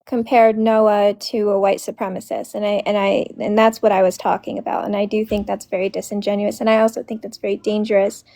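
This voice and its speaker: A woman's voice: medium pitch, level tone, brisk, few pauses, warm tone. A woman taking part in a live stream discussion, earnestly explaining her position.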